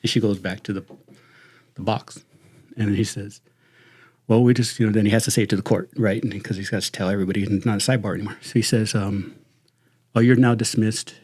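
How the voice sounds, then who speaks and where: Husky Southern Californian man telling stories. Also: fairly low pitch, fast, long pauses. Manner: profane, laughing, animated anecdotes. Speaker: retired sheriff's deputy. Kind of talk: casual storytelling.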